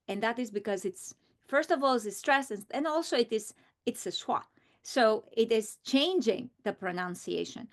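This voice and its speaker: A middle-aged woman teacher modeling a reading strategy aloud, slow and deliberate, repeating words for emphasis. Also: mid-range voice.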